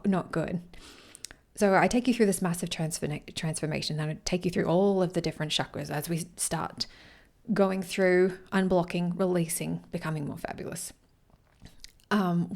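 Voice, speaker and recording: A woman talking casually to her followers in a rambling, earnest way, sometimes dropping to a soft whisper. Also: lowish voice, fairly even intonation, moderate pace, creaky. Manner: rambling and warm-hearted, often losing her thread. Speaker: vlogger speaking to her followers. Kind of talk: casual chat to camera.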